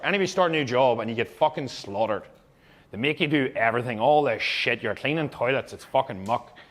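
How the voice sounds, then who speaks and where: A man's voice: mid-range voice, fairly bright tone. A young man, a fitness coach, giving blunt, heavily profane, emphatic advice to fellow coaches.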